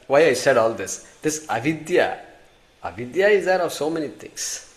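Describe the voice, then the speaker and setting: A man's voice: fairly high pitch, sing-song, normal speed. A man with an Indian accent teaching a scripture class. He talks conversationally, asks the class questions and answers them himself, and recites Sanskrit terms and verses. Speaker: Vedanta teacher.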